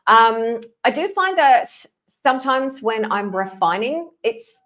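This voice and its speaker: An Australian woman hosting a casual solo podcast, chatty and quick to laugh, often mimicking over-the-top replies. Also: on the high side, lively intonation, fairly bright tone. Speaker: podcast host.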